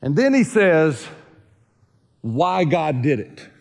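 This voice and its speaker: Male senior pastor, dynamic sermon delivery, fairly high voice, long hall reverb. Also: big pitch swings, slow, creaky. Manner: dynamic preacher, swings between soft asides and loud high-pitched emphasis. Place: church sanctuary.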